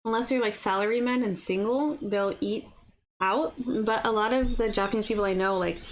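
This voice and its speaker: A woman's voice: mid-range voice, fairly quick, background noise. A young woman hosting a casual breakfast livestream from her apartment. She chats freely, fills her talk with "like", and answers viewers' comments as they come in. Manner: chatty, lots of "like" fillers, reads and answers comments. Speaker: livestream host. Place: home apartment.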